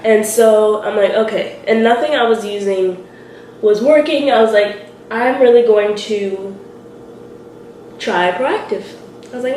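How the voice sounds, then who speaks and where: A young woman in her twenties telling a story while doing her makeup, animated and giggly, acting out what people said. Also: mid-range voice, measured pace, pauses often. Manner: animated, quotes people in lively voices, giggly. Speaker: beauty vlogger. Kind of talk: chatty get-ready-with-me storytelling. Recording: roomy echo with faint hiss.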